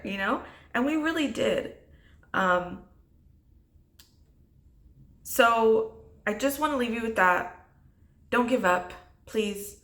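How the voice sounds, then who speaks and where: A woman vlogger giving a heartfelt, emotional talk to camera, halting and earnest, with many restarts. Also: mid-range voice, fairly bright tone. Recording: echoey room.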